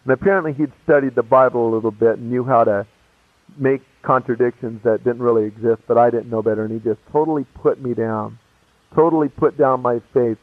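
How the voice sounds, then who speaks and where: A man preaches to his congregation in a relaxed, slangy storytelling way, recounting his own past. His voice sits at an everyday middle pitch. The sound is thin and tinny, like an old radio broadcast, with a dry, close feel. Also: no room sound. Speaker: pastor. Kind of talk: sermon with personal testimony.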